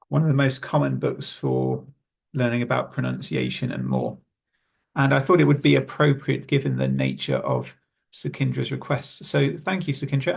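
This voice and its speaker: British man, pronunciation teacher, gravelly, husky, measured explanations. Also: mid-range voice, darkish tone. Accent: British English. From Britain. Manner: measured, explanatory, repeats example phrases slowly. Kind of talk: online lesson, reading notes and modelling phrases.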